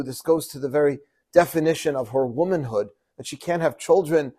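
A rabbi giving a Torah teaching, quoting Hebrew verses and translating them, with frequent rhetorical questions. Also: male voice, on the high side, fairly quick. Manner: animated, quotes Hebrew verses then translates; asks rhetorical questions to the audience.

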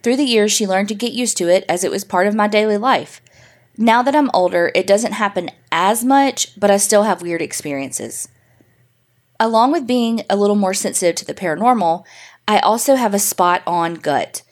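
A woman podcast co-host reading a listener's email story aloud in a steady storytelling voice. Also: medium pitch, normal speed.

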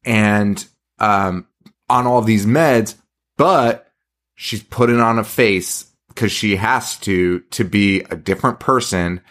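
A man's voice: lowish voice, takes it slowly, fairly bright tone. A man co-hosting a horror podcast in casual chat, loose and profane, leaning on "like" and "um" as he retells behind-the-scenes stories. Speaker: podcast co-host.

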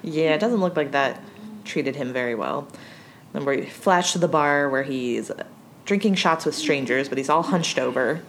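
Female podcast co-host, lower voice, laughs often, faint background hiss. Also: moderate pace. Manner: giggly, easygoing. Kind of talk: casual recap chat.

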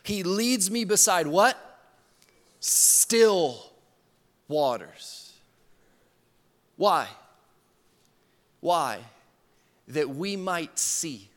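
Earnest preacher in a reverberant hall. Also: male voice, medium pitch. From Georgia, US. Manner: earnest, swings from loud emphasis to soft, slow near-whispers. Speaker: pastor. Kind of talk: sermon.

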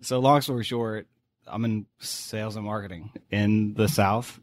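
A man's lowish voice with fairly even intonation belongs to a Boston native in his forties, whose faint New England accent is mostly masked. He's a podcast guest telling stories in casual conversation, tossing in quick asides.

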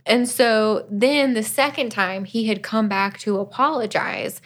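A woman co-hosting a podcast, casually retelling a book's plot and acting out its lines, with an even mid-range pitch. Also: a little slow, few pauses. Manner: chatty, acts out quotes from the book. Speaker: podcast co-host. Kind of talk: casual book recap.

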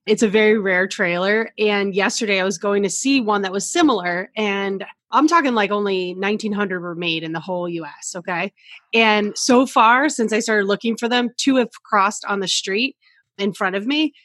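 A woman's voice: mid-range voice, fairly bright tone, no echo. Co-host, woman with a middle-range voice, chatty and upbeat, recorded close and dry. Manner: chatty and enthusiastic, laughs and swears freely. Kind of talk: casual chat.

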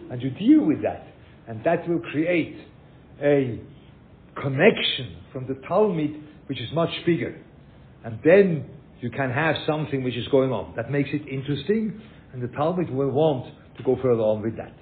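An older man teaching a class as a rabbi, animated, repeating words and mixing in Yiddish and Hebrew terms. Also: moderate pace. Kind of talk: lecture with questions from students. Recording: phone-like echoey room with faint rumble.

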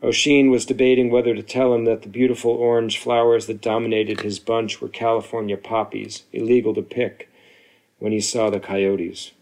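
A man reading his own fiction aloud, taking his time with each sentence. His voice sits low and carries a noticeable gravelly fry. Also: flat delivery, moderate pace, a little mellow. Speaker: author.

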